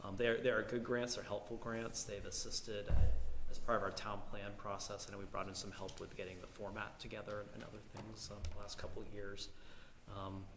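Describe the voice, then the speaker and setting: Low-voiced man reporting in an echoey hall. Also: level tone, brisk. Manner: casual, hesitant with many fillers. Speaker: town manager. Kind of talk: public meeting report. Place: town meeting room. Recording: echoey hall with background noise.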